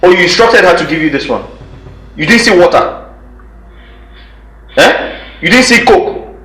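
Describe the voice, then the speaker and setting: An actor with a Nigerian English accent playing a stingy home owner who harshly scolds and lectures a guest, repeating himself. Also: male voice, sits high, animated, unhurried, bright, forceful tone, exaggerated voice. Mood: scolding. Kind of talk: film drama acting. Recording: echoey room.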